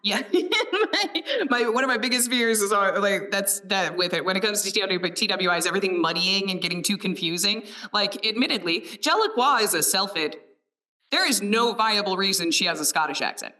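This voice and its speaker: A woman's voice: mid-range voice, lively intonation, brisk, sharp tone, far from the mic. A woman who narrates audiobooks talking casually and enthusiastically, often laughing. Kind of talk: casual conversation.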